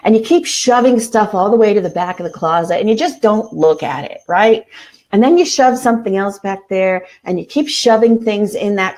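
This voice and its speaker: A woman's voice: mid-range voice, a little mellow. Earnest woman hosting a self-help talk. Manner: earnest, repeats slow affirmations. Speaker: self-help show host.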